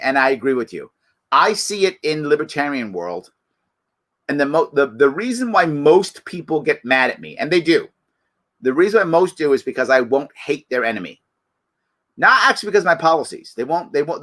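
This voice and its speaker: Man, middle-aged, political show host; bright, fairly high voice, emphatic and animated, hammering rhetorical questions. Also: normal speed. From New York. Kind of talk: live political commentary.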